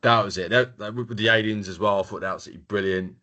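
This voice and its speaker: A man's voice: lowish voice, highs cut off. A man co-hosting a casual podcast chat, stumbling and repeating words as he talks. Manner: halting, repeats words, animated. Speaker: podcast co-host.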